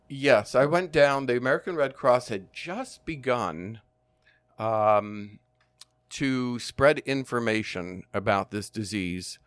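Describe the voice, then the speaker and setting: An older man, a former firefighter and nurse, telling his story in an interview in an earnest, measured way with frequent ums and uhs. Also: mid-range voice, expressive, clear, resonant tone, no room sound.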